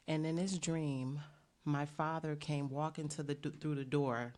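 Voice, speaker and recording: A woman's voice: deep voice, fairly even intonation, a little slow, a little mellow. A middle-aged woman from the United States, talking as a guest in an interview and telling an earnest story with many fillers. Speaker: bakery owner, guest.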